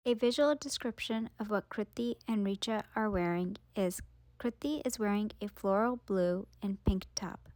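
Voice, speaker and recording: A woman's voice: mid-range voice, a little mellow, no echo. Woman reading a dry notice. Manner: plain, informative reading. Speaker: accessibility narrator. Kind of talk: scripted read notice.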